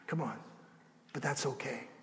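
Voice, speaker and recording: A middle-aged man preaching a sermon as pastor, animated, shifting between soft and loud with acted asides. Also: medium pitch, normal speed, in a large hall, slight background noise. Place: church sanctuary.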